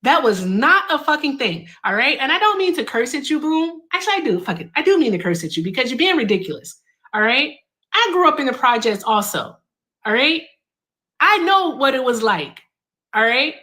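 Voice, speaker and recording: Young woman host, blunt, combative, lively pitch, slightly high. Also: moderate pace. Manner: combative, blunt, cuts in with commands. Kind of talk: heated debate.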